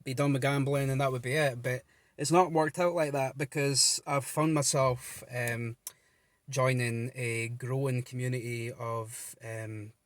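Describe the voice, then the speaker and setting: A man's voice: mid-range voice, fairly even intonation, measured pace, no echo. A man talking casually to camera from his car, earnest and rambling, with many ums and restarts. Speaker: vlogger running a gambling support page. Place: inside a car.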